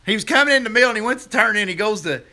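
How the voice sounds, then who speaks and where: A man's voice: sits high, animated, very fast, pushed and bright. A middle-aged man hosts a casual live stream, chatting folksily with viewers and laughing easily.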